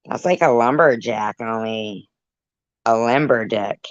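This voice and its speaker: A woman's voice: rumbling low, normal speed, dry recording. A woman hosting a casual livestream, reading chat comments aloud, laughing often and teasing viewers with crude, disgusted reactions. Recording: dull lo-fi sound.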